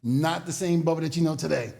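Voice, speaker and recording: A middle-aged man, a guest in an interview, telling animated stories in a casual way and laughing often as he goes. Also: a little high, quick pace, vocal fry, slight background noise.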